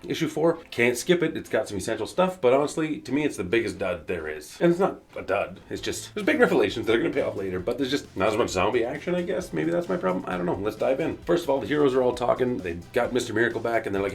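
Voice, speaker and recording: A man's voice: mid-range voice, big pitch swings, fast talker, creaky, few pauses, soft background music. A man casually recapping a comic book for his channel, rambling and correcting himself as he goes.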